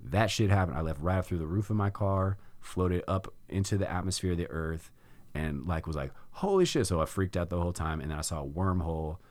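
Very deep-voiced man telling a story. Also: fairly quick, dry recording. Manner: animated storytelling, acts out his own past reactions, swears freely. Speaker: podcast host. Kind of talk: casual conversation, telling a personal story.

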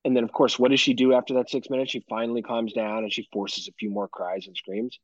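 A man co-hosting a podcast in casual chat, swearing freely and telling animated stories about his kids. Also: mid-range voice, fast, no echo, lo-fi sound. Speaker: podcast co-host.

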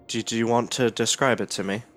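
A man playing in a tabletop game, making offhand, deadpan remarks. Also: medium pitch, brisk, soft background music. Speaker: player.

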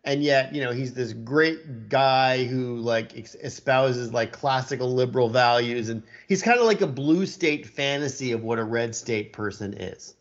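A man's voice: medium pitch, measured pace, few pauses. A man living in Texas, chatting casually about television, blunt and opinionated, with stammering restarts. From Texas, USA. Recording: dull lo-fi sound.

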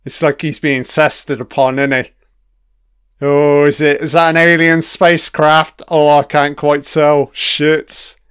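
A man's voice: fairly high pitch, level tone, slow, a bit bright, clean tone, no room sound, clean studio sound. A man giving a casual commentary on a TV episode, chatty and swearing freely, laughing along as he watches.

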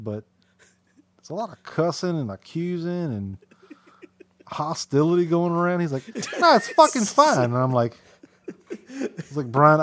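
A man with a Southern American accent, a podcast co-host telling profane stories in casual chat, jumping into loud quoted voices. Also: on the high side, husky. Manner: profane, animated storytelling with loud acted quotes.

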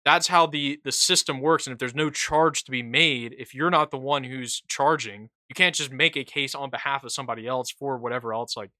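A man with a mid-pitched, bright, forward voice talks in a halting, stop-start way, full of restarts. The sound is dry and close, with no room around it. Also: dry recording. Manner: halting, many restarts and fillers. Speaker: podcast co-host reading chat. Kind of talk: casual political chat.

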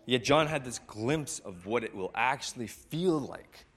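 A man preaching as a pastor, retelling a scripture story in a reflective way with dramatic pauses. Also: mid-range voice, lively intonation, a bit bright. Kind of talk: sermon storytelling.

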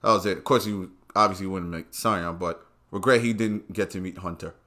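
New york guy from brooklyn doing his podcast solo, bright edgy voice, swears nonstop, just shooting the breeze. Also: sits low, fairly even intonation, brisk. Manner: profane, blunt storytelling. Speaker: podcast host. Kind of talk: casual monologue.

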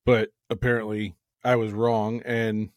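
A man chatting casually on a podcast, talking haltingly with frequent restarts. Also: fairly low pitch, little pitch movement, dry recording, studio quality. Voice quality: halting, restarts often, laughs along. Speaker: podcast co-host. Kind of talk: casual chat.

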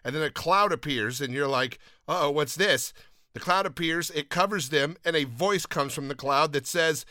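A man with a bright, fairly high voice hosts a Bible podcast in a casual, earnest way. He is eager and self-deprecating, and he often trips over his words and starts sentences again. His voice sounds close and dry, with no room echo. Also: normal speed, few pauses. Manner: earnest, enthusiastic, self-deprecating, many restarts. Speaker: podcast host. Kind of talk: casual Bible podcast talk and scripture reading.

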